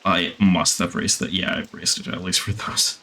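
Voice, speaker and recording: Low-voiced man rambling over gameplay. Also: flat delivery, moderate pace, gravelly, pushed and bright. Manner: rambling, many fillers, swears at the game. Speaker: gaming streamer. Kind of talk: casual gameplay commentary. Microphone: desktop mic.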